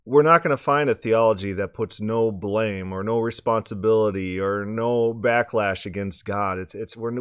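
Man, hoarse scratchy voice, lowish pitch, casual podcast monologue, rambling, repeats himself. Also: dry recording. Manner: rambling, repeats words when restarting. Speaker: podcast host.

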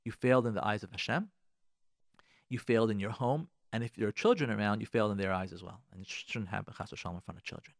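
A man's voice: on the low side, quick pace, vocal fry, no echo, clean studio sound. A man giving marriage advice on a radio talk show, preaching with rhetorical questions and repetition. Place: radio studio.

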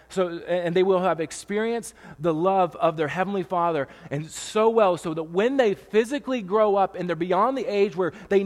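A man's voice: sits high, long reverb tail. A man in his thirties, a pastor preaching a conversational sermon, emotional, with many fillers and restarts. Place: church stage with long reverb.

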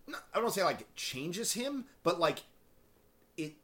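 A man co-hosting a podcast, chatting about a movie in a halting way with many restarts. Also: high-pitched, very animated, a bit bright. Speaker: podcast co-host. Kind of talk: casual film review chat.

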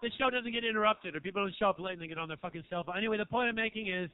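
A stand-up comedian in a small club rambles provocatively and teases the crowd, speaking into a handheld stage mic. His voice is high and very fast with a clean tone, though the sound is phone-quality.

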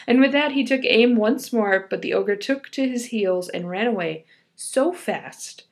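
A woman's voice: mid-range voice, expressive, measured pace, creaky. A woman co-hosting a casual chat, reading a folk tale aloud and giggling often. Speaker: podcast co-host.

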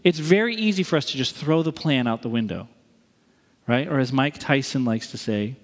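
A man in his thirties preaching a sermon as a pastor, telling stories in a relaxed, conversational way with playful asides. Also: fairly high pitch, fairly quick. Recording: long reverb of a big hall.

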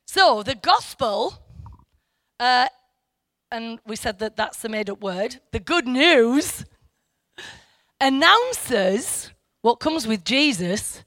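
Woman church teacher, high lively voice, rambly bible talk, dry close sound. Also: no room sound. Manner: rambling, self-correcting, asides to the listeners.

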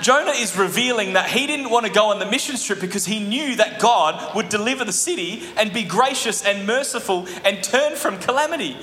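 A male pastor preaching an animated sermon, with joking asides to the congregation. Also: sits high, a little fast, hardly any pauses, soft background music. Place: church hall. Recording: echoey hall recording.

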